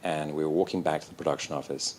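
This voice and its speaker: A man, a guest in an interview, telling animated, self-deprecating stories and acting out the voices. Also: a bass voice, quick pace, a little hiss or hum. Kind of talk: anecdotal storytelling in an interview.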